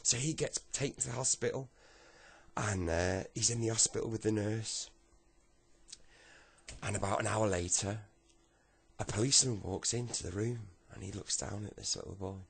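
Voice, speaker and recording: A man telling a long comic story, animated and acting out its characters. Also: lowish voice, normal speed, gravelly, breathy edge. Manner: animated, acts out the voices.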